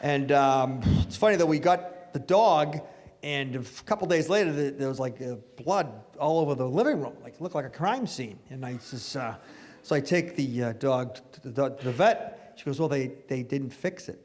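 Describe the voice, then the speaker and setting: A middle-aged man doing a stand-up comedy routine on a club stage, with a brash, punchy delivery and sudden loud bursts. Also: medium pitch, animated, normal speed.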